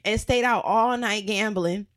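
A young woman co-hosting a podcast, retelling what happened with theatrical quoted lines and plenty of laughter. Her pitch sits in the middle of the range. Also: measured pace. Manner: animated storyteller, acts out quotes, laughs often. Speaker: podcast co-host. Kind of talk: casual chat.

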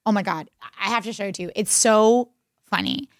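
A woman's voice: mid-range voice, brisk, no room sound, clean studio sound. A woman co-hosting a podcast, chatting casually and telling stories with lots of "like" fillers. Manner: chatty, storytelling with many "like" fillers. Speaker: podcast co-host. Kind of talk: casual chat recapping a show.

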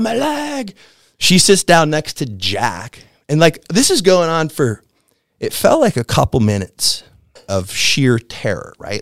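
A man in his fifties from the American Midwest, a podcast guest telling a story in a laid-back, slangy way that gets animated as it builds. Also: fairly high pitch, dry recording, clean studio sound. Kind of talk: casual storytelling.

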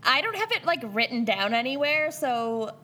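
A woman's voice: high voice, very animated, normal speed, pushed and bright. A woman co-hosting a podcast in casual chat, giggling often as she talks. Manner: giggly, laughs often between phrases. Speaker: podcast co-host.

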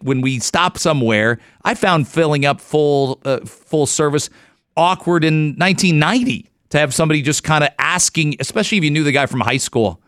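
A man's voice: a little high, fairly bright tone, no room sound, studio quality. A middle-aged man hosting a radio talk show in casual chat, telling stories and acting out little exchanges. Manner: chatty storyteller, acts out quoted exchanges.

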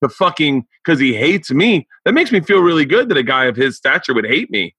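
A man hosting a podcast talks in loose, profane chat with a bright, forceful tone. He often trips over restarts. The sound is dry and close. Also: on the high side, very animated, fairly quick, husky, no room sound. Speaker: podcast host. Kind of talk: casual chat.

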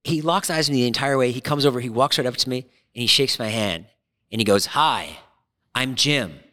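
A man in his forties hosts a casual podcast chat, spinning animated, self-deprecating stories. His voice sits at a middle pitch and carries a long, hall-like reverb. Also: fast talker. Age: 40s. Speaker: podcast host. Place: podcast studio.

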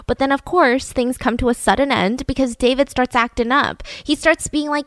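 A woman telling a story in a chatty, animated way, full of asides. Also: sits high, normal speed, dry recording. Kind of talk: casual storytelling.

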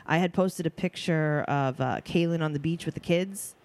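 A woman's voice: deep voice, normal speed, a little mellow, dry recording. A woman co-hosting a podcast, chatting casually with blunt, crude teasing, with hiccups, in a home studio. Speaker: podcast co-host. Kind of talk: casual chat.

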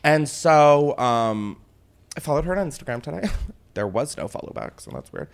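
A man's voice: mid-range voice, moderate pace, gravelly. A young man hosting his own show, casually retelling a wild night out with lots of swearing and dramatic quoting. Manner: animated, swearing, dramatic retelling with put-on quotes. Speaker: podcast host. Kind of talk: casual storytelling chat.

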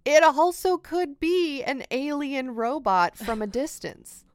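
A woman co-hosting a podcast in casual chat, describing things in a wry, drawn-out storytelling way and swearing casually. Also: sits high, no room sound. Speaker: podcast co-host.

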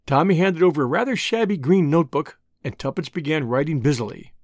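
A calm audiobook narrator telling the story in a measured way. The voice rises and falls with lively pitch. It is recorded close and dry, with no room sound. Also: no echo. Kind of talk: scripted narration.

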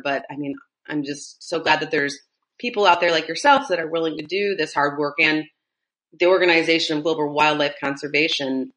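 Midwestern american lady hosting a podcast, kinda low voice, gushy and rambly. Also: bright, forceful tone. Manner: enthusiastic, rambling questions. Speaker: podcast host. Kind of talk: casual interview chat.

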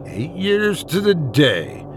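A man voicing a deranged, obsessive young woman who whispers and giggles in an unhinged, breathy way. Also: mid-range voice, big pitch swings, a little slow, background noise. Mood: menacing.

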